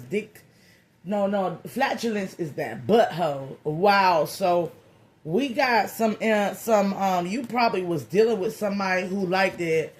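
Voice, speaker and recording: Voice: mid-range voice, lively intonation, unhurried. A tarot reader giving a comedic reading in a loose, slangy, playful way, with profane jokes and lots of repeated phrases. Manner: profane joking.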